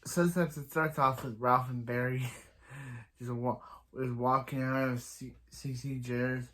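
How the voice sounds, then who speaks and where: A man's voice: medium pitch, steady tone, unhurried, bright, forceful tone. A man casually recapping a TV episode, rambling with frequent restarts and self-corrections and chuckling as he goes. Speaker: TV episode reviewer.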